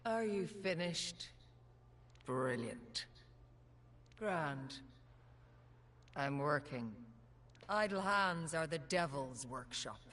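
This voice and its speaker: Casting: a scornful Irish woman scientist for game voice lines, low-pitched, slow and clipped. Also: expressive, a bit bright, full character voice. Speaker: video game character.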